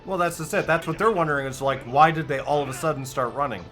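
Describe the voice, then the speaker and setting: Calm man explaining an anime. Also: a little high, fast talker, faint music behind. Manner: calm, brief, explains plot points. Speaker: reaction co-host. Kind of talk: casual explaining commentary.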